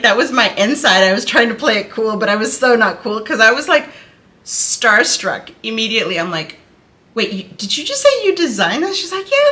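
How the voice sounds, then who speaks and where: A woman's voice: medium pitch, bright, forceful tone, slight background noise. A woman in her thirties chatting casually to her viewers as a knitting vlogger, gushing and bubbly, calling them "you guys".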